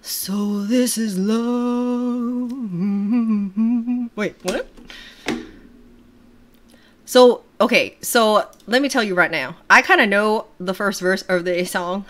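A woman's voice: medium pitch, a little slow, fairly bright tone. A young adult woman hosting a casual reaction livestream from her home desk, chatty, laughing often and swearing casually.

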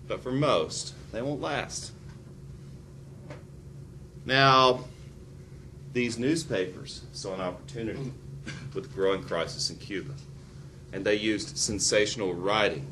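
A male history teacher giving an animated lecture with joking, sarcastic asides. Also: mid-range voice, slight background noise. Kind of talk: classroom lecture.

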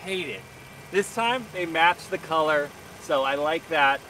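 A man's voice: on the high side, expressive, measured pace, bright, forceful tone, distant mic, slight background noise, low-quality recording. A man hosting a live car Q&A outdoors, talking casually and giving blunt opinions with plenty of fillers, recorded on a phone camera. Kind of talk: casual live-stream chat.

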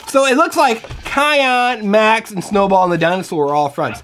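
A woman's voice: medium pitch, moderate pace, hardly any pauses, background noise. A woman hosting a toy review, playfully coaxing a child and talking to viewers at home. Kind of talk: toy demo for kids on camera.

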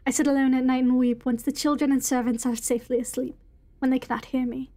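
A woman reading aloud as a ruined, desperate Victorian gentleman in a put-on British manner, dramatic and brooding. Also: high voice, level tone, fast talker, lightly acted. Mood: despairing.

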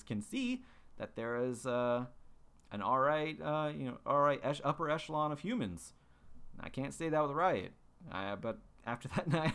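A man's voice: medium pitch, a bit bright. A young man hosting a podcast, telling stories in a loose, rambling way full of fillers and restarts. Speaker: podcast host. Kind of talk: casual monologue.

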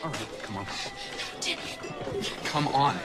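A man's voice: mid-range voice, takes it slowly, close to an everyday voice. An actor playing a flustered father who scolds and apologizes for his son. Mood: stern. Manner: exasperated, apologetic. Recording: film soundtrack with music.

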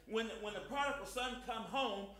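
An older man preaching a fervent sermon in church, breaking into loud hallelujahs and softening when he reads scripture. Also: high-pitched, normal speed, roomy sound. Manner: fervent, shouting hallelujahs, drops soft for scripture. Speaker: guest preacher. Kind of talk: lively Easter sermon with scripture reading.

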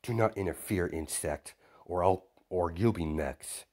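A man voicing a cruel young male bio-weapon in a slow, low, threatening way, in a told fan story. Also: darkish tone. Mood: menacing.

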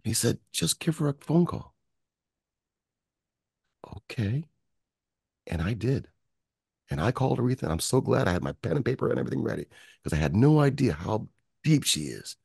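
In a storytelling interview, a music producer from Michigan animatedly recounts events and performs the voices of those he quotes. His medium-pitched voice is gravelly and husky, moving at a moderate pace with long pauses, in clean studio sound with no room sound.

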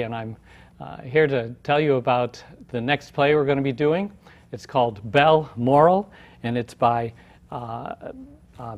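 Hesitant guy hosting a community tv interview, mid pitch, lots of uhs. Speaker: theater company president and host.

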